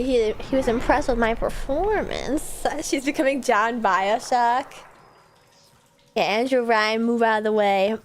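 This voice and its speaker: A woman streamer chatting casually and rambling at the end of a gaming stream, sleepy and a little hoarse. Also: on the high side. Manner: chatty, rambling, self-deprecating. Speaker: video game streamer. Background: faint background music.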